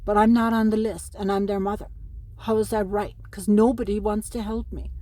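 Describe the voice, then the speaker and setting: A woman's voice: medium pitch, level tone, brisk, warm tone. A middle-aged Irish woman from Ireland, making an emotional plea straight to camera, aggrieved and pleading as she talks to her sons. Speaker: mother speaking to camera about custody. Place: at home in New Mexico.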